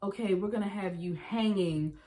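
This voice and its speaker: A young woman vlogger chatting casually through a storytime, acting out what people said to her in quick quoted voices. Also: medium pitch, mellow.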